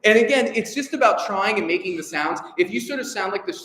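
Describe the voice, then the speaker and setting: Male choir director, encouraging, high voice, recorded in a roomy rehearsal hall. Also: animated, fast talker, fairly bright tone. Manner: encouraging, coaches German diction and counts in. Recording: echoey hall, piano in background.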